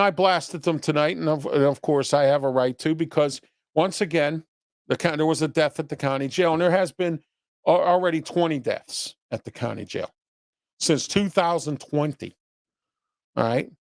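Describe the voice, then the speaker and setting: Man hosting opinion show, blunt and scolding, gravelly, fairly high voice, dry close sound. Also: no room sound. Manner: blunt, scolding, rhetorical questions; rambling with restarts and repeated "okay?". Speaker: host of a local commentary show. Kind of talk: opinion commentary, reading viewer chat.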